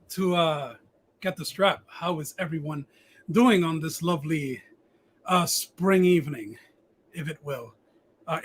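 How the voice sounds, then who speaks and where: Male podcast host, high husky voice, profane and rambling, stammers a lot. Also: a bit bright. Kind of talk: casual live-stream chat.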